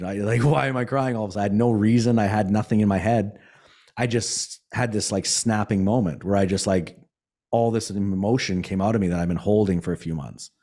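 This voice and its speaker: Blunt, profane man with a dark voice. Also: fairly low pitch. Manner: blunt and profane, emphatic, sometimes slowing to stress points. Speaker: podcast guest. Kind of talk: candid personal storytelling.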